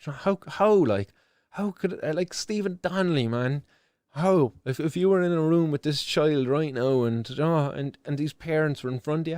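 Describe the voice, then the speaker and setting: A man's voice: on the high side, moderate pace, a little mellow, no room sound, clean studio sound. An Irish man hosting a live news show, giving impassioned, emotional commentary, swearing freely and repeating himself as he presses his point.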